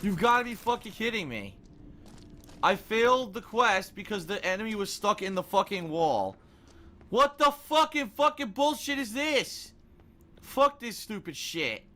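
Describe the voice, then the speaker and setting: A man's voice: high voice, bright, forceful tone, a little hiss or hum. A man streaming a video game, commentating live and ranting profanely at bugs and glitches. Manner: profane, easily angered ranting.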